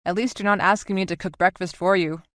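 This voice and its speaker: A woman's voice: on the low side, fairly even intonation, fast talker, fairly bright tone, dry recording, clean studio sound, lightly acted. A woman voicing a tough female soldier who speaks curtly, in an audiobook.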